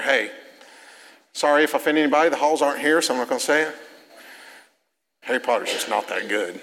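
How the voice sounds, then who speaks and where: A man preaching a sermon in a church, telling stories in a chatty, self-deprecating way with quick asides. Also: high voice, bright, forceful tone. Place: church sanctuary. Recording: long hall reverb.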